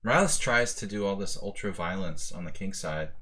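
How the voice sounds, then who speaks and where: Low-voiced man thinking aloud over chess. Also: lively intonation, a little fast, fairly bright tone. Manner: thinking aloud, full of fillers. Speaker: chess streamer playing a simul. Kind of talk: casual live commentary.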